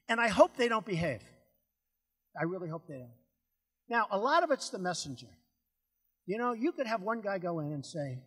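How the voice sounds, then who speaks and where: A man's voice: high-pitched, fairly bright tone, husky. Boastful older man speaking in an echoing hall. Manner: boastful, rambling, repetitive, acts out phone calls. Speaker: political speaker. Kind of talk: rally speech. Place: large hall before an audience. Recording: speech in a large echoing hall.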